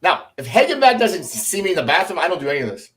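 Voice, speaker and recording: A man's voice: sits high, fast. A middle-aged man, a former Army officer, telling stories in a casual podcast interview and acting out the people he quotes. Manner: animated storyteller, acts out quoted voices.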